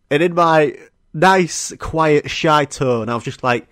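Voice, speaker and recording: Young Yorkshire man, solo podcast host, mid-pitched, dry close sound, chatty storyteller who laughs a lot. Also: lively intonation, moderate pace, dry recording. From Yorkshire, England. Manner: laughs often, swears, acts out quotes.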